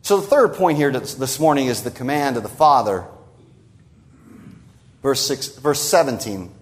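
A man preaching an expository sermon, stressing key phrases and quoting scripture slowly for emphasis. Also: animated. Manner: emphatic, rising on key phrases and dropping low at the ends of lines; repeats words for stress and quotes scripture in a slowed voice.

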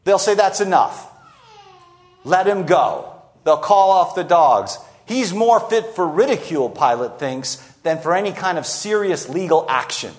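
A man with a high-pitched voice delivers an expository sermon. He acts out quoted lines and drops his pace sharply to land key phrases. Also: big pitch swings, a little slow. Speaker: preacher.

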